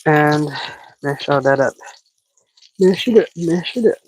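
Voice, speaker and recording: A woman's voice: unhurried, poor audio. Chatty woman hosting a cooking stream. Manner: chatty, improvising, bursts into excited high squeals greeting chat. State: breathing heavily. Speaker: cooking livestream host. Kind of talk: casual cooking livestream chat.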